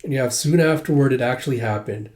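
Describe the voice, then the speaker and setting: A man talks through a comic volume in a chatty, filler-heavy way. His voice is mellow and soft-toned. He keeps it loose and conversational. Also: mid-range voice, quick pace. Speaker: manga reviewer. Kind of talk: casual read-through of a comic.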